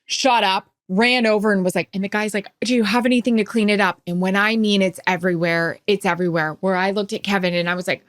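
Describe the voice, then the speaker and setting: A woman co-hosting a podcast in casual chat, telling a story in an animated way and acting out the quotes. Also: mid-range voice, fast, hardly any pauses, no room sound, clean studio sound. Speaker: podcast co-host.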